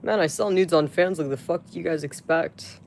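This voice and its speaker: Casual live streamer at medium pitch, rambling with constant fillers and coarse swearing at chat. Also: moderate pace, gravelly, a little hiss or hum. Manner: rambling, heavy with fillers and restarts; crude, profane outbursts at chat.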